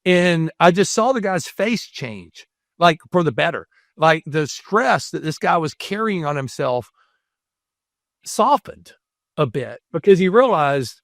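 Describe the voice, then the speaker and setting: A man's voice: a little high, big pitch swings, measured pace, fairly bright tone, no room sound, studio quality. A middle-aged man, a podcast guest, talking earnestly and telling reflective stories with quoted dialogue. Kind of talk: reflective storytelling.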